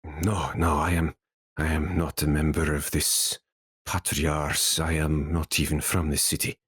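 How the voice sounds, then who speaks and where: A man's voice: rumbling low, level tone, unhurried, fairly bright tone, breathy edge, no echo, studio quality, voice pushed down, full character voice. A man voicing a wounded older male sage who speaks in a scratchy, solemn, formal way. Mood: grave.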